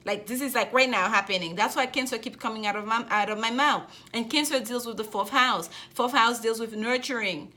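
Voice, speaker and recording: A woman with a bright, ringing, fairly high voice gives a tarot reading straight to her viewers. She talks with gushing enthusiasm, circling back to the same phrases again and again. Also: fairly quick, hardly any pauses. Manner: effusive, repeats phrases, frequent "okay?". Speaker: tarot reader.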